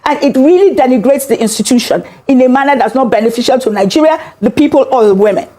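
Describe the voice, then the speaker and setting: High-voiced older woman senator, firm. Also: lively intonation, dark tone. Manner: firm, measured, defensive. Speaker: senator, interview guest. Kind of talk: interview answers.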